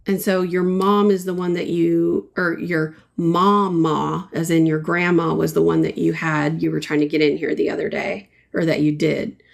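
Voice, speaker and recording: A woman's voice: low-pitched, flat delivery, normal speed, creaky, few pauses. A middle-aged woman giving a casual live painting tutorial, chatty and full of ums as she answers viewers' comments while she works. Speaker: painting instructor.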